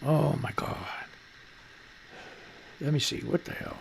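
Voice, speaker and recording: A man's voice: on the high side, fairly even intonation, slow, vocal fry, a little hiss or hum. A man hosting a live radio and stream show, rambling loosely and jokily through news headlines, muttering to himself between reads. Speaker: radio and livestream host.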